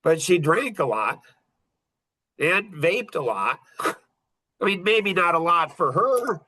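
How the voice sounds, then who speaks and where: Middle-aged guy rambling on his podcast, high bright voice, blunt, keeps repeating himself. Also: big pitch swings, slow. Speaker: podcast host. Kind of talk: casual podcast talk.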